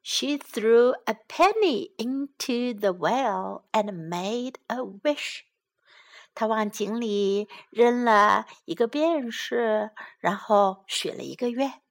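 A woman reading a children's storybook aloud and teaching from it, in a slow, gentle and expressive way. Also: on the high side, vocal fry.

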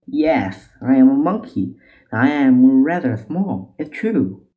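A brash, proud monkey spirit from a children's storybook, as a man reads him, boastful and quick to anger. He speaks in a slow, unhurried way, his voice sitting at an ordinary middle pitch. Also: big pitch swings, narrow, tinny audio.

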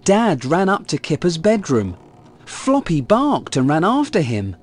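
A man reads a children's storybook aloud, slowly and clearly for young listeners. His voice sits a bit high for a man and rises and falls widely. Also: a little hiss or hum. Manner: expressive, slow and clear for children. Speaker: narrator.

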